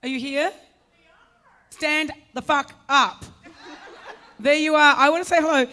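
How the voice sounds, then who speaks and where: A woman on a convention panel, talking loudly and swearing casually. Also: sits high, fairly even intonation, unhurried. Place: convention hall with audience.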